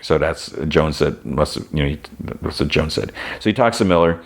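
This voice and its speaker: Very low-voiced male podcast host, loose conversational recap, leans on "like" constantly. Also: normal speed. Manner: rambling, heavy on "like" fillers, self-correcting. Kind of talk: casual retelling of a show episode.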